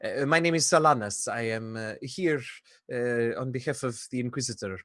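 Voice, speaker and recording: A man's voice: medium pitch, moderate pace, a bit bright, no room sound, lightly acted. A man playing a prim, courteous elf mage. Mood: polite. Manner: courteous with faltering restarts, then dry barbs. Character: young male Dalish elf mage, polite and prim.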